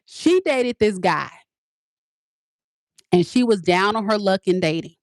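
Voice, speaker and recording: Animated woman telling a story, dry sound. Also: medium pitch, a little slow, no echo. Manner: animated, emphatic, repeats lines for effect. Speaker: tarot reader and spiritual advisor. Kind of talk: casual storytelling to viewers.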